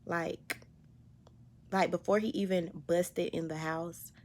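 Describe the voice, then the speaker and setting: A woman's voice: on the low side, fairly even intonation, slow, a little mellow, far from the mic. Slangy teen girl telling a story. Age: late teens. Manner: chatty, slangy, dramatic retelling. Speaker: vlogger. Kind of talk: casual storytime.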